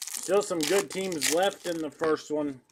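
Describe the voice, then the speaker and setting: Casual male card break host, noisy. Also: on the high side. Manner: brisk, matter-of-fact roll call of names. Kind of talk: casual live-stream chat. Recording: background noise with wrapper crinkling.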